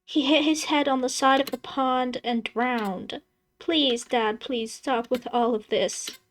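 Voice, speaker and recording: A woman's voice: high voice, steady tone, takes it slowly, a little hiss or hum, pitched above the performer's own voice. Woman voicing a distraught young daughter pleading. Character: grieving obsessed father, middle-aged man.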